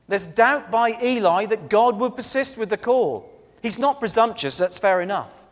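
A man delivers a sermon with a somewhat high voice, telling stories earnestly and leaning hard on key words before dropping soft. His voice rings out with the long reverb of a church hall. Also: expressive, normal speed. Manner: earnest, storytelling, emphatic swings between loud and soft. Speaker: preacher.

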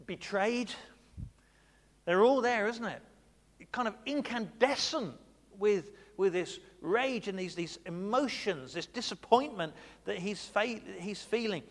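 Male preacher, chatty sermon style, a little high-pitched, recorded in a reverberant church hall. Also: animated, takes it slowly. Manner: conversational, asks the congregation questions. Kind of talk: Bible study sermon.

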